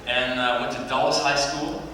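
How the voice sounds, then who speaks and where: A man's voice: mid-range voice, fairly even intonation, normal speed, background noise. Texan man in an echoey hall. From Texas. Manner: profane, laid-back storytelling with laughs. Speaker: panel guest. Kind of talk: convention panel storytelling. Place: large convention hall. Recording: echoey hall recorded from far off.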